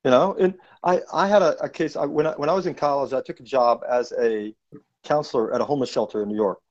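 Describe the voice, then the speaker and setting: A man's voice: mid-range voice, fast. A middle-aged man hosting a casual podcast conversation about martial arts, telling stories and acting out jokes. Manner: storytelling, acts out joke voices. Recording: dull lo-fi podcast audio.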